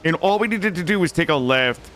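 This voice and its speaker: A young man streams a game live and talks his worries out loud to his chat in a fairly high, very animated voice that climbs and drops a lot. Faint game music plays behind him. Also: brisk. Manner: anxious, dramatic self-talk to chat.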